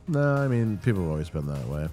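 A man's voice: low-pitched, big pitch swings, fast, mellow, faint music behind. A man co-hosting a podcast in casual chat, feeling unwell, reacting with short exclamations. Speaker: podcast co-host.

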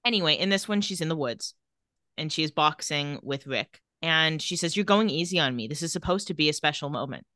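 Bright-voiced woman recapping a show. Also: sits low, dry recording, clean studio sound. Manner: retells scenes quickly, reading out dialogue in a flat voice. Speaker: podcast co-host. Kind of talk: casual recap chat.

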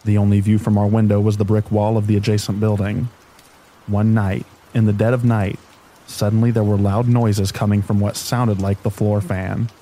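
Male narrator for bedtime horror stories, deep and dark-toned, reading calmly over rain. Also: a little hiss or hum, rough recording. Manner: calm, even sleep-story reading. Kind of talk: scripted narration of scary stories.

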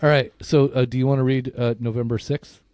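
A man's voice: mid-range voice, level tone, brisk, a little mellow, no echo, clean studio sound. A man co-hosting a casual recovery podcast, rambling and swearing freely, often breaking into laughter. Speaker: podcast co-host.

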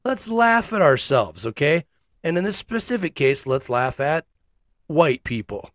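A man's voice: on the high side, very animated, a little slow, no room sound, clean studio sound. A man hosting his own podcast, giving blunt, sarcastic, fiery commentary. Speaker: podcast host. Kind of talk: opinionated commentary.

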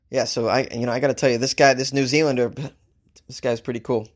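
A man hosting a comedy talk show, telling a story casually, cracking jokes and laughing at his own lines. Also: fast. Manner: wisecracking, laughs at his own jokes, animated shifts in pitch. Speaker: comedian podcast host.

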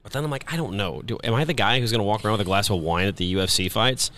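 A man with a fairly low voice, a radio host from Kansas City, tells an animated story in a casual chat. He acts out his own reactions in quoted asides. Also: very fast.

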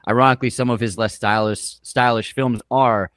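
A man's voice: medium pitch, steady tone, normal speed, a bit bright, dry recording, studio quality. A man hosting a podcast, chatting casually and with enthusiasm about his favorite films. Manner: enthusiastic, loose, with filler words. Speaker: podcast host. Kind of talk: casual movie review chat.

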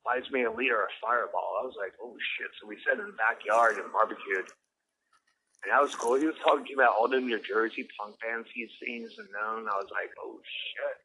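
A man's voice: medium pitch, brisk. A man from the American South co-hosting a casual podcast, telling profane, rambling street stories. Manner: profane, rambling, animated storyteller. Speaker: podcast co-host. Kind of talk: casual storytelling chat. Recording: dull lo-fi podcast audio with faint noise.

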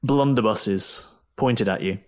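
A British man narrating a tabletop game as dungeon master and host, with lively, cheerful storytelling. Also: on the low side, slow pace. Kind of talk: tabletop game narration and podcast shout-outs.

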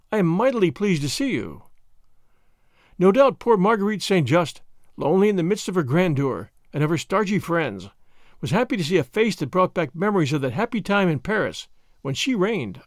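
A man reads a classic novel aloud in scripted, expressive storybook narration. His voice sits fairly high and moves widely through each sentence. The close, dry recording has no room sound. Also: no echo. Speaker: audiobook narrator.

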